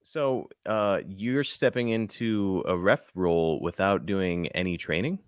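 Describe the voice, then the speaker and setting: He is a podcast co-host with a very low, deep voice, recorded dry and close. He asks relaxed, curious follow-up questions in a casual interview style. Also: unhurried, clear, resonant tone, dry recording. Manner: curious, laid-back questioner.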